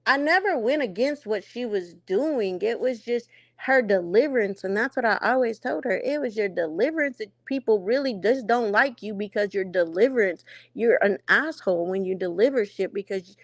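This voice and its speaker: A woman's voice: medium pitch, lively intonation, normal speed, dry recording. A woman in a casual chat, speaking, telling a long story and acting out past conversations. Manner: talks at length, acts out past conversations.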